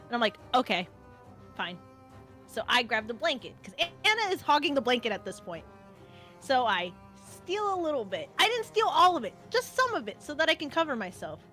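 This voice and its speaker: A woman telling a funny story on a livestream, animated and swearing freely as she acts out what people said. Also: high-pitched, brisk, soft background music. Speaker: guest co-streamer. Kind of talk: casual storytelling chat.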